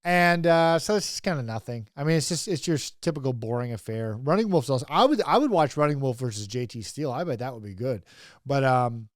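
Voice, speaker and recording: A man's voice: mid-range voice, animated, a little fast, no room sound, studio quality. A young man hosting a wrestling review, rambling casually, chuckling often and swearing freely. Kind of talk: casual comedic commentary.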